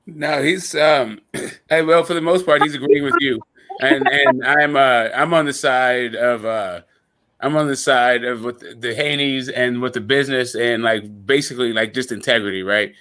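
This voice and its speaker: A man in a casual podcast chat, talking haltingly with many fillers and laughing easily. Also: mid-range voice, steady tone, bright, forceful tone.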